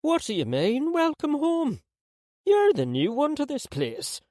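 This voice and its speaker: A man voicing a sharp-tongued, wry and bossy old grandmother in an audiobook. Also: very high-pitched, wildly swooping pitch, measured pace, no echo, clean studio sound, pitched above the performer's own voice, heavily acted. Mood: teasing.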